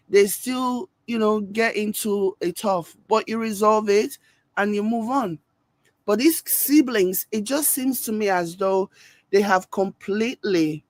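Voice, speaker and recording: A woman's voice: medium pitch, dry recording. A woman with a Nigerian accent hosting a reaction video, commenting in an emphatic, scolding way with pidgin asides.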